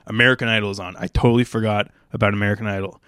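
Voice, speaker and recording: A young man with a smooth, clear voice rambles through a casual solo monologue, wry and unfiltered, swearing freely. The sound is close and dry, with no room echo. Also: lowish voice, fairly even intonation, rapid-fire, sharp tone. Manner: rambling, crude and profane, wry. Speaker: stand-up comedian.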